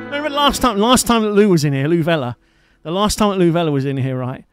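A man's voice: high voice, lively intonation, fast talker. A man hosting a live music stream, chatting casually and teasingly to his viewers from a home streaming setup. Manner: chatty, teasing, jokey, fond asides. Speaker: live-streaming guitarist and host.

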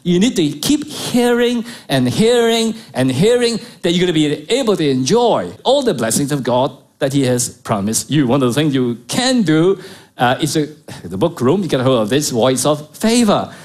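Middle-aged male pastor, lively preaching. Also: fairly high pitch. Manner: emphatic, repeats key phrases, rhetorical questions to the congregation. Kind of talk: sermon.

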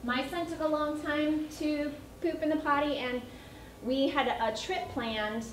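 A woman's voice: high voice, steady tone, measured pace, a little hiss or hum. A middle-aged woman, an early childhood educator, telling potty-training stories to parents in a chatty way with laughter. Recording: echoey room, mic at a distance.

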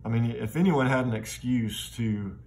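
A man's voice: medium pitch, normal speed, a little mellow. A man giving a literature lecture in a reflective way. He thinks aloud and often restarts his phrases. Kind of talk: classroom lecture. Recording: faint background noise.

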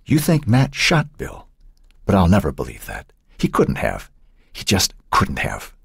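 A man's voice: low-pitched, wildly swooping pitch, unhurried, creaky, slightly rough, no echo, clean studio sound, full character voice. A man reading aloud and voicing a grieving mother whose voice trembles as she defends her son. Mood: defiant.

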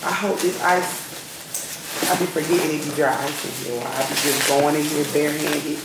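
A young woman chats casually with her viewers in a rambling at-home vlog. Her voice is deep, with fairly even intonation and a moderate pace, recorded in an echoey room with clear background noise.

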